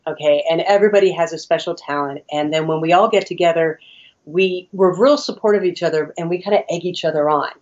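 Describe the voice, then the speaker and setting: A woman horn player chats in lively, quick bursts and laughs a lot. The sound is dull and lo-fi. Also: fairly low pitch. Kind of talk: casual interview talk.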